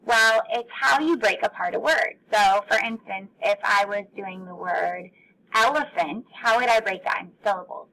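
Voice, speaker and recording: A woman teacher giving a phonics lesson to young children, stretching out words slowly. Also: mid-range voice, gravelly, sharp tone, poor audio.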